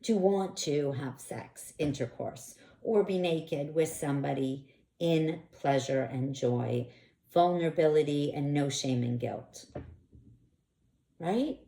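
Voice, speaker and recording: Her voice is low, creaky and slow as this intimacy coach delivers a candid monologue directly to camera. She talks frankly and expressively, flaring into animated moments, in an echoey room.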